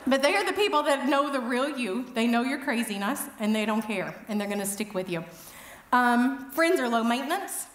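A middle-aged woman with a fairly high voice tells stories at an event, chatty and self-mocking. Her animated delivery rings out in a roomy, echoey hall. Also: moderate pace. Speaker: event speaker. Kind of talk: humorous storytelling talk.

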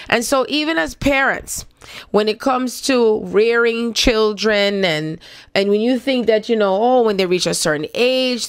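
A woman hosting a casual spiritual talk, speaking frankly and rambling, often repeating herself. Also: a little high.

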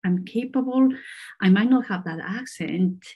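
A middle-aged woman scientist from Peru, answering interview questions in a halting way with many fillers and restarts. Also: medium pitch, breathy edge, highs cut off. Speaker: scientist guest.

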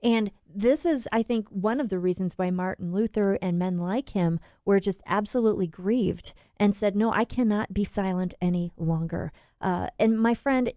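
A woman's voice: medium pitch, normal speed, hardly any pauses, warm tone, no room sound, clean studio sound. A woman with a Wisconsin accent co-hosting a Christian radio talk show, earnest and exclamatory, urging listeners.

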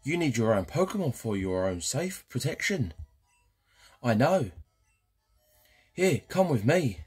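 A man doing a creepy high-voiced old professor. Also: big pitch swings, darkish tone, husky, faint music behind, exaggerated voice. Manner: high, drawn-out creepy delivery. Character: creepy older male professor.

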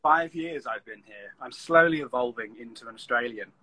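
A man's voice: medium pitch, moderate pace, pushed and bright, slightly rough, rough recording. A man joking around in a casual livestream chat. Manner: playful, joking.

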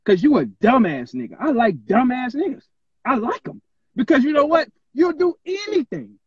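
Husky guy cutting in nonstop, dry muffled live stream sound. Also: very high-pitched, very animated, moderate pace, no echo. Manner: bossy, keeps cutting in with "hey, look". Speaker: battle rapper on a live stream. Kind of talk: heated trash talk on a live stream.

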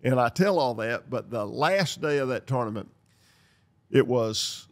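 An older man from North Carolina, hosting a podcast and telling lively stories, acting out the dialogue as he goes. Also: medium pitch, unhurried. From North Carolina, USA. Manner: lively storyteller who acts out dialogue and laughs. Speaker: podcast host. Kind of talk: storytelling podcast chat.

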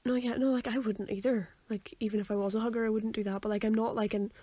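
A woman's voice: fairly high pitch, flat delivery, fast, warm tone, husky, no room sound. A young woman, co-hosting a casual podcast, talking hesitantly with many restarts. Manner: hesitant, full of likes and restarts. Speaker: podcast co-host. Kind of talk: casual chat.

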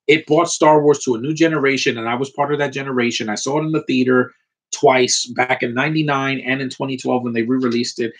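Thirties man, husky voice, casual opinionated vlogger, swears often, mid pitch. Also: steady tone, fast. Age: 30s. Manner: opinionated, frequent mild swearing, rambling asides. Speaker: collector showing his items. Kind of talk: casual ranting vlog.

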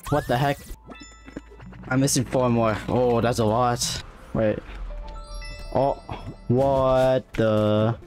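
A streamer giving excitable gaming commentary, yelping, shouting and hyping themselves up. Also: medium pitch, slow pace, pauses often, soft background music. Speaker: streamer playing a platform game.

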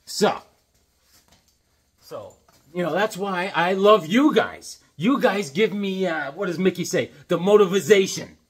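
Middle-aged male comic reviewer, husky and rambling, casual delivery. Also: high voice, animated, a little slow. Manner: rambling, repeats and restarts himself. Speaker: comic book video host.

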